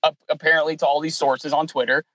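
A man co-hosting a casual sports podcast, telling stories in an animated way and acting out the dialogue. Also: on the high side, fast talker, crowd noise, rough recording. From California. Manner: animated storyteller, acts out dialogue. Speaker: podcast co-host.

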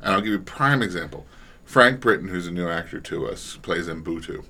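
A man who directs voice actors, talking reflectively in a relaxed panel discussion and often restarting his sentences. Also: low voice, brisk, vocal fry. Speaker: audio drama director.

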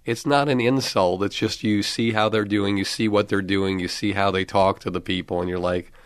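Middle-aged man, lowish voice, chatty anecdote teller, dry close sound. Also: moderate pace, clean tone, no echo. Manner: chatty, lively storyteller who quotes others. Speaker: comedy manager and podcast host, guest here. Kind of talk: anecdotal storytelling.

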